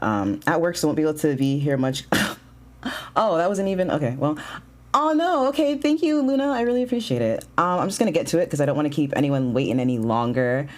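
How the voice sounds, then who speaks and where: A man hosting a casual livestream talk show, bubbly and excitable, chatting and greeting viewers. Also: mid-range voice. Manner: bubbly and excitable, with bursts of shouting and laughter.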